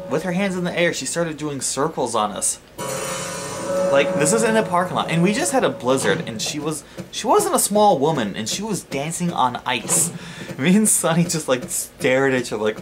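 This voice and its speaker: A man hosting a let's play, telling a story in a chatty, animated way over gameplay, swearing casually. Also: medium pitch, moderate pace, soft background music. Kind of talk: casual gameplay commentary and anecdote.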